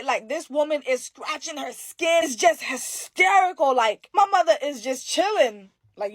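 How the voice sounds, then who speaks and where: A woman from Haiti telling spooky stories in a sassy, profane, animated way. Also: sits high, moderate pace, few pauses, no echo. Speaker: storyteller. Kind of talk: casual spooky storytelling.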